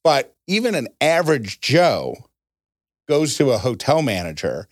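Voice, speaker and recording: A man hosting a casual chat show, telling stories with a voice that jumps high for emphasis. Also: sing-song, a little slow, no echo, studio quality. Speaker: podcast host.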